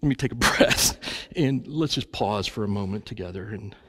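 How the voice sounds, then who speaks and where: A man leading a congregation in an earnest, halting spoken prayer in church. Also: fairly low pitch, animated, fairly bright tone, slightly rough. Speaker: guest preacher leading prayer. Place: church sanctuary.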